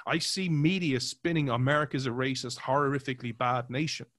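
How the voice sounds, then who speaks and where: A man's voice: mid-range voice, fairly even intonation, brisk, fairly bright tone, no room sound, studio quality. A man co-hosting a podcast, talking casually and animatedly, acting out quoted voices and using many fillers. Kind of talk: casual conversational commentary.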